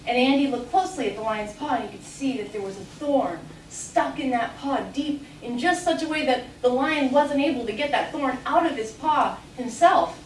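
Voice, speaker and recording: Woman, live storyteller, unhurried, high voice, echoey hall. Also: slight background noise. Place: festival stage. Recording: roomy live hall, distant mic.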